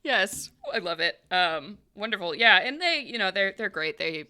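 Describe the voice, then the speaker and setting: A woman's voice: mid-range voice, expressive, moderate pace, sharp tone, clean tone. A woman running a tabletop role-playing game, narrating in a casual, chatty way with many fillers. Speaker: game master.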